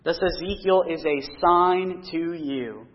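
A man's voice: a little high, slow. A man preaching a sermon, reading scripture aloud and explaining it earnestly, pressing harder on key points. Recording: dull lo-fi recording.

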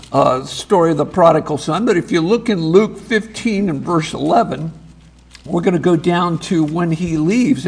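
A pastor delivers a sermon in a high, gravelly voice. He reads scripture aloud and pauses for emphasis. His delivery is deliberate and emphatic.

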